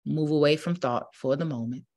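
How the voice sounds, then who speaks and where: Here a woman with a low-pitched voice acts as a spiritual teacher. She preaches with mounting passion and afterward leads a slow, peaceful meditation.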